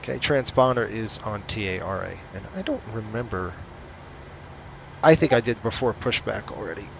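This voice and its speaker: A man's voice: on the low side, animated, normal speed, gravelly, a bit bright, a little hiss or hum, rough recording. A man casually commenting on a flight simulator session, running through checklist callouts and ranting sarcastically between them. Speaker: flight sim streamer.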